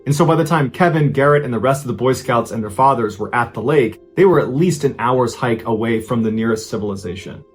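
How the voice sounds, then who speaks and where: A man narrates an unsolved vanishing in a relaxed, conversational voice of middle pitch. He slows down and lifts his pitch to build suspense. Soft music plays quietly under him. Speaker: storyteller host. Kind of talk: spoken true-story narration.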